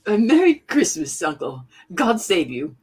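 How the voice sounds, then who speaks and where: A cheerful young nephew speaks merrily and pleads in a higher, husky voice, put on by a man reading a comic book aloud. His voice rises and falls widely. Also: huge pitch swings, a little slow, full character voice. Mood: merry. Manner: merry, pleading.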